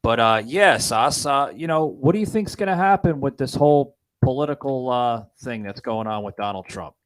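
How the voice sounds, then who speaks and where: A man hosting a podcast, giving political commentary in a halting, distraught way with many restarts. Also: mid-range voice, animated, rough recording. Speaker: podcast host.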